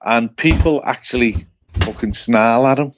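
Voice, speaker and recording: A man's voice: mid-range voice, unhurried, slight background noise. A man co-hosting a casual podcast chat, blunt and sweary as he tells stories. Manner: blunt, sweary, animated storyteller. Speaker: podcast co-host.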